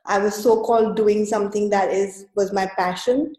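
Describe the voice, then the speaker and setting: A woman's voice: mid-range voice, steady tone, normal speed, dark tone, reverberant, low-quality recording. A woman guest telling her own story in an interview, hesitant and full of fillers and restarts. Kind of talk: conversational storytelling.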